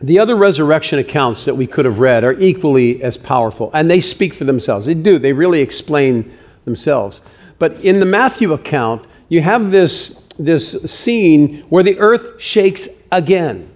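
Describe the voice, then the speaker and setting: A man preaching an Easter sermon as pastor, telling stories with lively acted-out quotes. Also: fairly high pitch, normal speed. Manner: animated storytelling with acted-out quotes.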